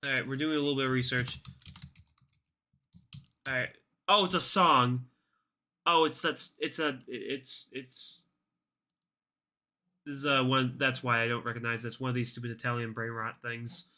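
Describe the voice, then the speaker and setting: Bright-voiced young man rambling on stream. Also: mid-range voice, fairly even intonation, moderate pace, pauses often. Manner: rambling, swears, laughs at himself. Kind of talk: casual live-stream commentary.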